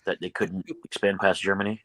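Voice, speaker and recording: A man co-hosting a casual talk show who keeps jumping in with questions. His voice is low but bright and forward. He talks very fast, and the sound is dry. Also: level tone, no echo, poor audio. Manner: quick, chimes in with questions.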